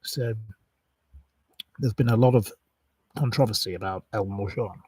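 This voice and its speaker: A man's voice: lowish voice, moderate pace, a little mellow, breathy edge, dry recording, recorded from a distance, low-quality recording. A man hosting a live quiz, chatting casually, rambling and reeling off long lists of wrong answers. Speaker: quiz host on a live stream.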